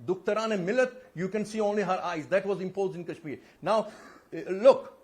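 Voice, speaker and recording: A man's voice: high voice, moderate pace, a little mellow. A man arguing hard on a TV news panel, impassioned and pleading. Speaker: debate panelist. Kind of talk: heated TV panel debate.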